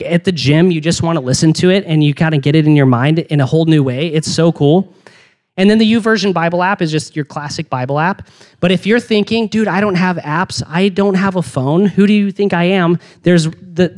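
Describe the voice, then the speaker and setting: A young man giving a casual youth sermon, energetic and slangy, with frequent restarts and asides. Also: a little high. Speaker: youth pastor.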